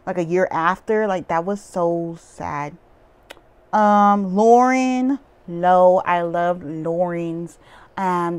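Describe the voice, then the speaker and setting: A woman's voice: medium pitch, clear, resonant tone. A woman talking straight to her audience in a loose, unscripted vlog recap. She rambles from point to point with lots of "um" and "like" filling the gaps. She tosses in blunt, opinionated asides as she goes. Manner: rambling, chatty, with frequent "um" and "like" fillers. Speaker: reality TV recap vlogger. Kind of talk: casual monologue recapping a TV show.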